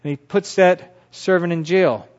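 A man teaches from the Bible as an animated storyteller, tossing out rhetorical questions to his listeners. His voice sits a little high for a man. The recording is dull and lo-fi. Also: a little slow.

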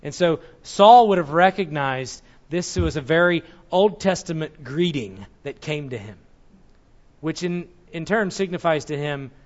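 A man preaches a teaching sermon, walking listeners through scripture. He explains step by step and stops now and then to correct a slip. His voice sits a little high, and the recording is muffled and lo-fi. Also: animated, measured pace, a little mellow. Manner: explanatory, corrects himself mid-sentence. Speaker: Bible teacher.

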